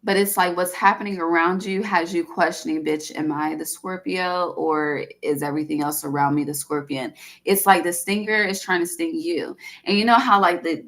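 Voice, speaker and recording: A woman's voice: lowish voice, a bit bright. A woman giving a casual tarot reading, rambling and chatty, swearing freely as she talks. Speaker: tarot reader.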